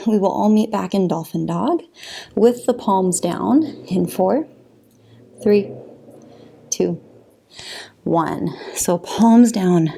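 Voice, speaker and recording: A woman's voice: medium pitch, vocal fry, breathy edge. A woman leading a yoga class, counting down and cueing each pose, a little out of breath. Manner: counts down and cues poses calmly, with light laughs. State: slightly out of breath. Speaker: yoga instructor. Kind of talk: guided yoga class instruction.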